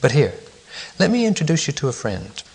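A man playing a kindly storybook raccoon, a friendly guide who reassures the little ones. the voice is pitched higher than the storyteller's own speaking voice and sounds friendly. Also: wildly swooping pitch, fairly quick, darkish tone, husky, in a large hall, heavily acted. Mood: reassuring.

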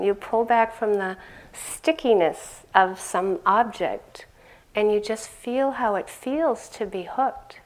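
Speaking in a mid-range voice, an older meditation teacher offers a dharma talk in a chatty style. Her stories make her increasingly animated, and she laughs a lot.

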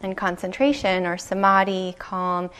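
A woman meditation teacher giving a dharma talk, telling a story slowly and gently, with soft pauses. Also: mid-range voice, flat delivery, smooth. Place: retreat meditation hall.

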